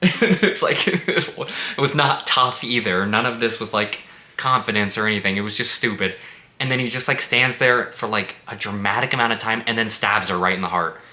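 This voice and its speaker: A man's voice: lowish voice, steady tone, normal speed, sharp tone. A man giving a casual spoken movie review, blunt and sarcastic, swearing freely. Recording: echoey room.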